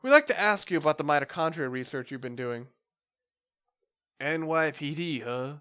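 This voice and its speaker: A man's voice: a little high, expressive, normal speed, bright, forceful tone. A man reading as a matter-of-fact cop. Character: male police detective, businesslike.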